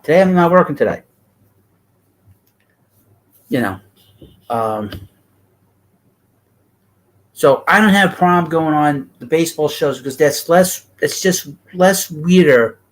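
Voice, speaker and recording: A man's voice: fairly high pitch, low-quality recording. A middle-aged man with a thick New York accent, hosting a baseball livestream and talking bluntly and ramblingly to his chat.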